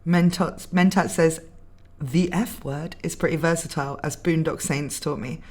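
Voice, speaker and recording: A woman's voice: deep voice, steady tone, moderate pace, darkish tone. A young English woman with a slightly posh accent, streaming and chatting casually as she reads out viewer comments, laughing often. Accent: mildly posh English. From England. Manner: giggly, chatty, laughs often between remarks. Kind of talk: casual chat reading live comments.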